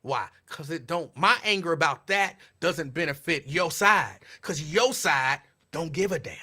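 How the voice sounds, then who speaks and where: A man, talking as a host in casual, sarcastic commentary. His voice is high and very bright. He swings his pitch widely as he repeats his points like a sermon. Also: expressive, unhurried. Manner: preachy, repetitive, sarcastic.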